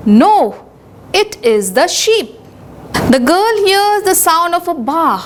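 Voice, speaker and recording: A woman with an Indian English accent teaching young children a recorded English lesson, speaking slowly and deliberately and spelling words out letter by letter. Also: very high-pitched, big pitch swings, a little hiss or hum.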